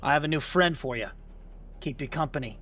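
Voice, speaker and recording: Higher-voiced man running a tabletop game. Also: a little fast, fairly bright tone. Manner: casual, filler-heavy narration. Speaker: game master. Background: faint music.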